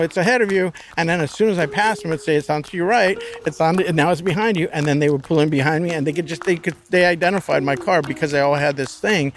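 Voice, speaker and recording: Profane, vivid storyteller, a man with higher voice. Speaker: interview guest. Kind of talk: casual storytelling.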